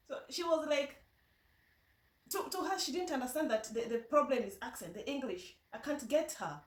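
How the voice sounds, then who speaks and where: A woman with a Kenyan accent telling a story casually to camera, animated, laughing often and restarting her sentences. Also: a little high, moderate pace, reverberant, far from the mic, poor audio. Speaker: vlogger. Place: in the United Kingdom.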